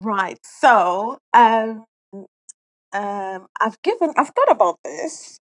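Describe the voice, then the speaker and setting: A woman guest on a podcast, speaking slowly and hesitantly with frequent pauses. Her pitch moves in a lively way, and the recording is dry with no room echo. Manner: slow, hesitant, many pauses. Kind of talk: casual interview chat.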